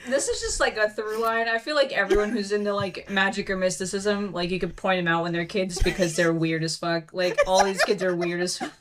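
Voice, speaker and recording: A woman's voice: mid-range voice, a little fast, few pauses, fairly bright tone. Blunt, laughing woman guest over faint hiss. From United States. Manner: blunt, irreverent, laughing, swears freely. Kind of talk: casual chat.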